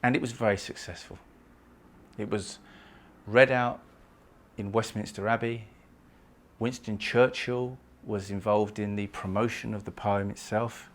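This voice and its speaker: A man giving a recorded poetry lecture who reads verse aloud and talks with lively emphasis, pushing key words up in pitch and volume. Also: unhurried. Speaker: literature lecturer.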